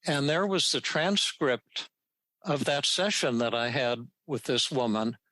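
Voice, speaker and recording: Older man, podcast host, casual storytelling, halting with many restarts, bright voice, dry close sound. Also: mid-range voice, expressive, dry recording. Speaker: podcast host answering listener questions.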